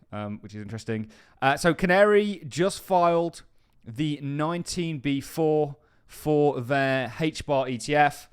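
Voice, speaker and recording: A man's voice: a little high, clear, resonant tone. A man hosting a crypto channel, giving casual market commentary in an enthusiastic, emphatic way with frequent offhand asides.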